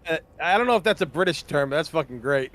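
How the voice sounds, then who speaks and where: A man with a Boston accent chatting on a live stream, animated, swearing freely and telling stories. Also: a little high, fast. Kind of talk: casual stream chat.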